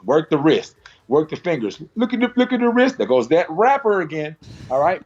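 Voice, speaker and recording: A man's voice: on the high side, very animated, a little fast, darkish tone. Upbeat man teaching a haircut, dull lo-fi sound. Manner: demonstrative, repetitive cues, playful sound effects. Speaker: barber educator. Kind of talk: hands-on haircutting class. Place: salon.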